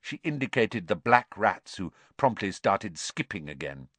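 Expressive male audiobook narrator. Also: lowish voice, a little slow, dry recording. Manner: expressive, storytelling delivery. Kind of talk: scripted narration.

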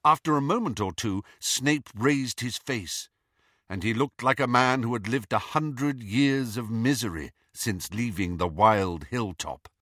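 A man narrating an audiobook in an even, unhurried storytelling manner. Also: mid-range voice, no room sound, clean studio sound. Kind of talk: scripted narration.

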